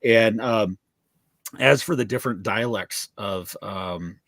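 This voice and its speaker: A man's voice: on the low side, slow, a bit bright, no room sound, studio quality. A man hosting a podcast, chatting casually with a guest in a rambling way, full of fillers and agreeing noises. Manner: rambling, frequent fillers and affirmations. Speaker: podcast host. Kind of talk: casual interview chat.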